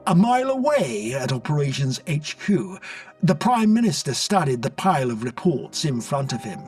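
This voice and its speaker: Man, storybook narrator, expressive, lively pitch, dry, distant mic. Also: moderate pace, soft background music. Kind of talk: storybook reading.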